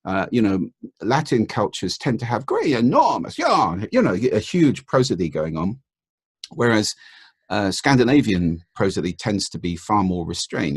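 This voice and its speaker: A man, a guest expert in a podcast interview, explaining in a measured way and demonstrating intonation with his voice. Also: fairly low pitch, very animated, breathy edge, dry recording, clean studio sound.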